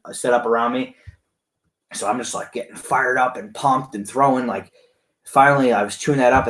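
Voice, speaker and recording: A man casually recounting a competition to the camera, rambling excitedly and acting out the cheering crowd. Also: mid-range voice, reverberant, a little hiss or hum.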